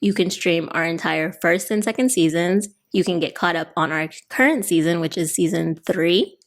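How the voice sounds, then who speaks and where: A woman's voice: on the low side, moderate pace. A young woman co-hosting a podcast, chatting casually and laughing often. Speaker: podcast co-host.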